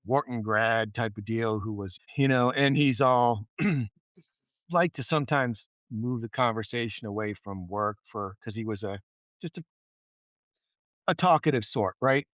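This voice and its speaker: A man co-hosting a podcast, telling workplace stories in an animated, loose way and swearing freely. His voice sits at an ordinary middle pitch. The sound is dry and close. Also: unhurried, no room sound. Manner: animated storyteller, swears freely, acts out quotes. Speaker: podcast co-host. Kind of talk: casual chat.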